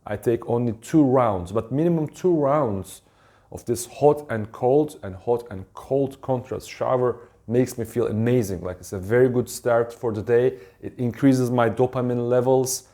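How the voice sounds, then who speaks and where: Calm halting man teaching breathwork. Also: mid-range voice. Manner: calm, halting, with many ums and restarts. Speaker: wellness teacher. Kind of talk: casual instructional talk.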